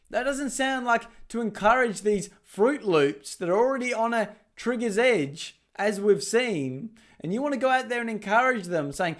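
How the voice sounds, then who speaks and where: Sarcastic Australian man with a high voice. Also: lively intonation, measured pace. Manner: mocking, sarcastic, laughs at clips. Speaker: political commentary host. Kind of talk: casual commentary over clips.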